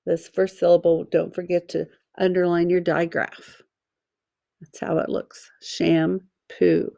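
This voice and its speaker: A woman teacher giving a slow, careful phonics lesson for children, sounding out letters and syllables one by one. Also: on the low side, flat delivery, vocal fry, dark tone.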